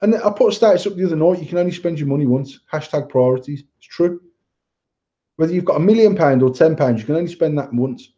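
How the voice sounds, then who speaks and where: An English podcast co-host rants bluntly in casual chat, swearing a lot. His voice is a little high and mellow, fast and lively in intonation, and the recording has a dull lo-fi sound.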